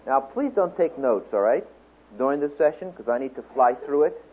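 A man speaking at a Bible teaching seminar, telling a story and then lecturing to a class in an animated way, acting out the quotes. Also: mid-range voice, moderate pace, breathy edge. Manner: animated storyteller, acts out quotes, laughs along. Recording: tinny phone-like lo-fi recording.

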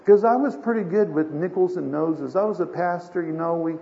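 A man's voice: fairly high pitch, brisk, gravelly, dark tone. An older man preaching a sermon as a pastor, folksy and storytelling, with emphatic swells. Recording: dull lo-fi sermon recording with faint hiss.

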